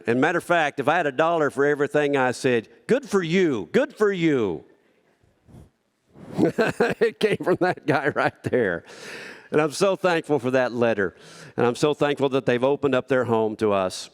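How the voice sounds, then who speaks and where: A man's voice: mid-range voice, clear, resonant tone. A man giving a heartfelt, rambling acceptance speech at a rodeo hall of fame banquet, telling stories and acting out quotes.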